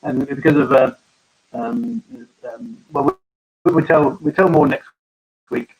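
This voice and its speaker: A man, a farmer, hosting a casual live-stream chat, talking haltingly with many ums and restarts. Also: on the high side, expressive, gravelly, low-quality recording.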